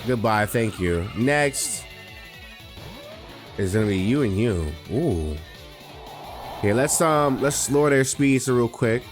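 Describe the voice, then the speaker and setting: A young man hosting a let's play, commenting in a hyped, slangy way and calling the viewer bro. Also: medium pitch. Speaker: gaming video host.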